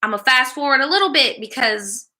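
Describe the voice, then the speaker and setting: Woman live-show host, very bright tense tone, blunt slangy advice, swears freely. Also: high-pitched, lively intonation, a little fast. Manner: chats back to live viewers between lines. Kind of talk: reading a viewer's story aloud and giving advice.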